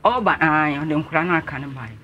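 A man's voice: fairly high pitch, brisk, lo-fi sound, slight background noise. A man with a Ghanaian accent, an interview guest telling his life story earnestly and politely to the host. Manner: earnest, respectfully addressing the host.

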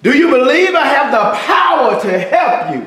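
Man preaching as voice from heaven, questioning, commanding, high voice, echoey hall. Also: big pitch swings, moderate pace, a crowd in the background. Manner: patient, questioning, then commanding. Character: booming voice of God from the sky.

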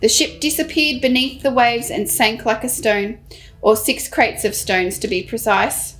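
A woman presenting a children's show, reading a story aloud in an animated, expressive way. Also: fairly high pitch, a little slow.

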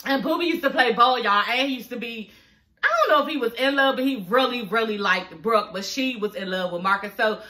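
High, bright-voiced woman recapping TV. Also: fairly quick. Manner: profane, animated retelling with frequent "you know what I'm saying". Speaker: TV recap vlogger. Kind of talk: casual reality-show recap.

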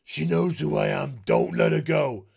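A man mockingly voicing a grim, secretive female superhero in a flat, mock-serious tone. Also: mid-range voice, unhurried, vocal fry, slightly rough, voice pushed down, full character voice. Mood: stern.

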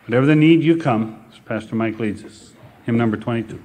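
A male pastor preaching a sermon, reading scripture slowly and building to emphatic repeated phrases. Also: mid-range voice, heavy background noise. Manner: preaching with rising emphatic repetition; reads scripture slowly and deliberately.

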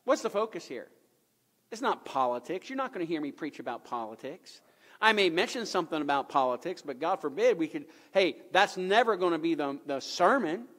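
A man's voice: fairly high pitch, big pitch swings, fairly quick, fairly bright tone. A man preaching a sermon in a church, emphatic and repetitive, asking the congregation rhetorical questions. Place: church sanctuary. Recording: echoey church hall.

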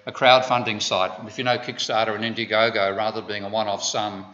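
Forceful Australian man lecturing. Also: fairly low pitch, level tone, a little fast. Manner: digressive, with wry asides. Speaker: economics lecturer. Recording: dull lo-fi lecture recording.

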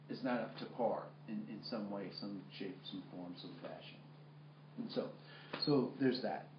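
A man's voice: mid-range voice, slight background noise. A man leading a workplace training workshop in a conversational way with many fillers, asking the room questions. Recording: echoey room, muffled sound.

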